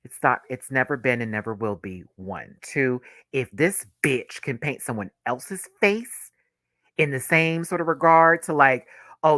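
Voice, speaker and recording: A man's voice: medium pitch, measured pace, sharp tone, no echo, studio quality. A man giving a live, gossipy reaction review of a drag reality show, talking casually with sassy asides and frequent laughter.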